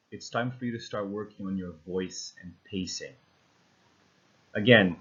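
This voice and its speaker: A man's voice: lowish voice, lo-fi sound. A man teaching a recorded lesson, walking through steps and often saying "again" and "basically" with frequent ums. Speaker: instructor.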